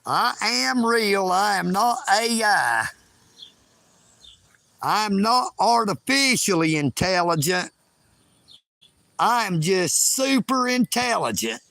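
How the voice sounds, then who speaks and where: A high, gravelly male voice with a drawl talks slowly and loudly from his bedroom on a livestream. His tone is bright and sharp, and his talk is emphatic and self-promoting. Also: big pitch swings, dry recording.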